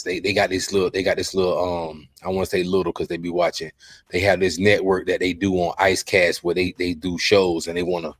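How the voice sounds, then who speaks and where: Weary, halting man with a deep voice. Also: dry recording. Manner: weary, halting, repeats himself. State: exhausted, near tears. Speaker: podcast host. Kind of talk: emotional podcast talk.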